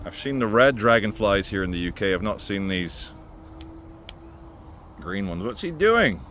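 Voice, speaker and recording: A man's voice: on the low side, big pitch swings, a little slow, fairly bright tone. A man walking city streets with a camera, giving sardonic running commentary as a vlog host. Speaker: vlogger host. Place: outdoors on busy city streets. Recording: street traffic noise behind.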